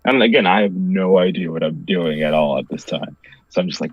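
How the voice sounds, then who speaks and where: In a lo-fi recording with no room sound, a man speaks in a low, gravelly voice with a breathy edge and a brisk pace. He's a comic book creator in an interview, rambling casually through a story, leaning heavily on "like" and laughing a lot.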